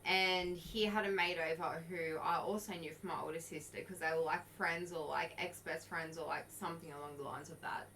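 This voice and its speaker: A woman's voice: low-pitched, steady tone, brisk, hardly any pauses, fairly bright tone, a little hiss or hum, low-quality recording. A woman, co-hosting a podcast and telling a story in a loose, sweary way full of likes and laughs. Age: early 20s. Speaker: podcast co-host. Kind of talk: casual storytelling chat.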